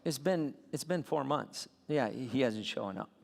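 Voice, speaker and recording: A man preaching a sermon as a pastor, telling a story with lively swings between soft asides and loud bursts. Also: medium pitch, moderate pace, creaky. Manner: animated storytelling with sudden loud peaks. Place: church sanctuary. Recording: long hall reverb.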